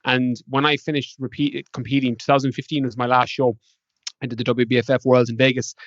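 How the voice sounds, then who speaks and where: Irish man, podcast guest, rapid talker, dull muffled audio, dead dry room. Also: medium pitch, dry recording. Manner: animated, acts out past conversations. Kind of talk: casual interview storytelling.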